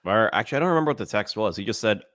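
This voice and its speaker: Young male co-host, low resonant voice, relaxed and halting, dry studio sound. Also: no echo. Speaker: podcast co-host. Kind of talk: casual chat.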